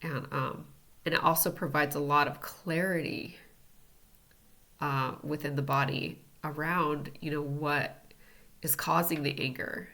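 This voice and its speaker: Low gravelly-voiced woman teaching. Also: measured pace. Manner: relaxed, talks while demonstrating tapping on herself. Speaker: energy healing teacher. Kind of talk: casual instructional talk.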